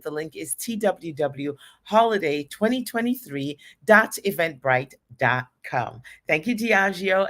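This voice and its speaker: Woman host, middle-aged, lower pitch, upbeat and effusive on a live talk show. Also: a bit bright.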